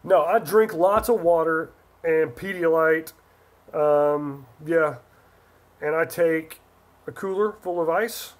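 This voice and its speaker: High-voiced man chatting on a livestream. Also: slow. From Northern California. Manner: rambling, reads viewer chat aloud. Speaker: livestream host. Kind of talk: casual live chat answering viewers.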